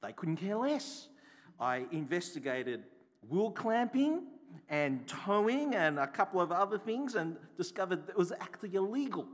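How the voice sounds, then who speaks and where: A man's voice: sits high, very animated, moderate pace. A man, a bishop preaching a sermon, telling a personal story and asking the congregation repeated rhetorical questions. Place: church. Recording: echoey hall.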